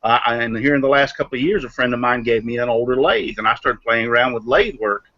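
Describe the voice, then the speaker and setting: A man's voice: medium pitch, a little fast, sharp tone, lo-fi sound. A man, co-hosting a live online hangout, explaining things with comparisons between hesitant fillers. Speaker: co-host.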